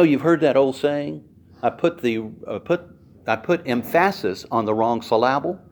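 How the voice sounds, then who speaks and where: A male preacher delivering a sermon, repeating key phrases and slowing down to stress words. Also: medium pitch, darkish tone.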